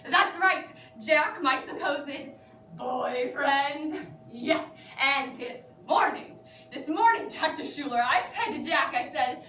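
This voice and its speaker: An actress performing a self-absorbed, nervous young woman who rambles dramatically to her therapist, high in pitch and breaking into giggles. She sounds far from the mic in an echoey room, with noise clearly audible behind her. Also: slow pace, a bit bright, soft background music, heavily acted. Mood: rambling. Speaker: actor performing a monologue. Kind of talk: theatrical comic monologue.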